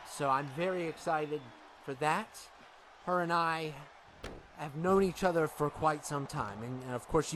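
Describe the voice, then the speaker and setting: A smug, scheming heel announcer, put on by a man for a wrestling game video. He drags out his words and gloats at a slow, self-satisfied pace. His voice sits fairly high. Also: a bit bright, slight background noise.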